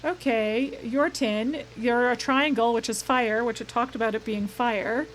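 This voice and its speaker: A young woman with a voice on the high side and fairly even intonation speaks a little slowly as she streams a puzzle game, with a slight hiss or hum on the recording. She chats, thinks aloud, reads game text out loud, and corrects herself in this let's-play commentary, with game music in the background.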